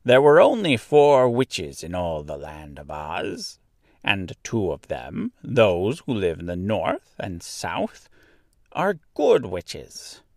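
Brief: gentle old witch lady, read by a man, calm and slow, voice sweeping up and down. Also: low voice, vocal fry, no echo, studio quality, exaggerated voice. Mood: explaining. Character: kindly little old good witch, calm and sure. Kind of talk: storybook reading.

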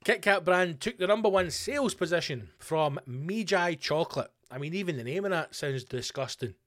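Scottish guy ranting on his podcast, swears a lot, kinda high voice. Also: animated, normal speed, fairly bright tone. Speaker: podcast host. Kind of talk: casual solo podcast rant.

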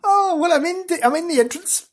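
A woman voicing Janice, a giggly, chatty woman presenter with a husky voice, in a comic sketch. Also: extremely high pitch, expressive, brisk, pitched above the performer's own voice. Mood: giddy.

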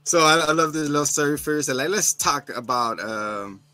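Bright-voiced man recapping a show. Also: on the high side, moderate pace, faint music behind. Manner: animated retelling, acting out characters' lines. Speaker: podcast co-host. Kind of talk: casual recap chat.

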